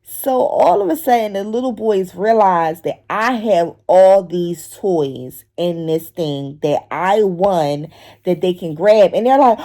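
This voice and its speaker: A woman vlogger telling a funny story casually, animated and swearing, acting out voices as she goes. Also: mid-range voice, measured pace. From Philadelphia. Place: outdoors in public.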